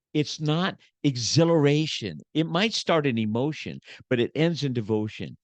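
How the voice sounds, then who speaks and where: A man speaking in a mid-range voice, sharing a hard personal story with the rhythm of a preacher. He drops to near whispers, then builds to forceful emphasis. The recording is dry and close, with no room sound. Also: medium pitch, no room sound, lo-fi sound. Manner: preacher-like, swinging from hushed to emphatic. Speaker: podcast guest, motivational speaker. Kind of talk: emotional personal testimony.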